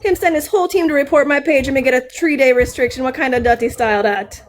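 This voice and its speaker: Brash high-voiced woman arguing on a stream. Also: quick pace, slight background noise. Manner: brash, swears, argues back in patois. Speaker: live stream guest. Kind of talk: casual live stream chat.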